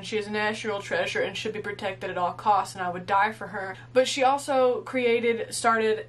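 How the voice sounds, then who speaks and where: A woman reviews a film she just watched. Her voice sits a bit high and sounds teary, and she gushes emotionally, swearing and laughing freely. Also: a bit bright. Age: 20s. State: teary after crying. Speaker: host. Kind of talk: movie reaction and review.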